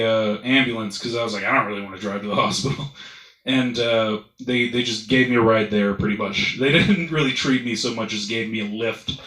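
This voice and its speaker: A man's voice: medium pitch, pushed and bright, roomy sound, rough recording. A man doing stand-up, telling a rambling, profane story and laughing at his own jokes. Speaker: stand-up comedian.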